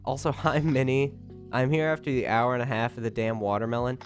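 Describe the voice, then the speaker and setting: A young man chats loosely with his live-stream viewers. He runs through greetings, then jumps up louder to thank a supporter. Faint music plays under his mid-pitched voice. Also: brisk. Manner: greets chat members by name, bursts of loud excited thanks. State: recovering from a cold. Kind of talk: casual live-stream chat.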